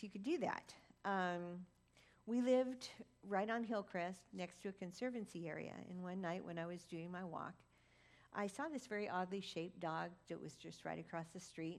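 A woman preaching a sermon, telling a personal story with dry, humorous asides. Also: fairly low pitch. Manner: recites Latin prayer.

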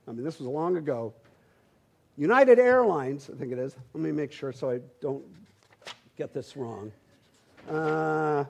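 Husky high-voiced pastor telling a story. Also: male voice, warm tone. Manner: conversational, humorous, repeats words when starting sentences. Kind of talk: storytelling sermon.

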